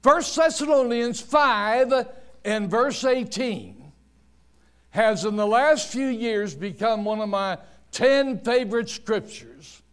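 A man's voice: high-pitched, expressive, clean tone. A man preaching a sermon, telling stories and drawing out his words for emphasis. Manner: preaching with slow, drawn-out emphasis and storytelling. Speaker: pastor.

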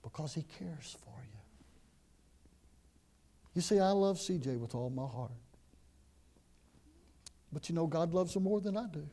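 A middle-aged man from the United States, preaching a sermon that swings from loud emphasis to hushed, almost whispered lines. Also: on the high side, lively intonation, a little slow, long pauses. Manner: dramatic swings from loud to hushed, repeats words. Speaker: pastor.

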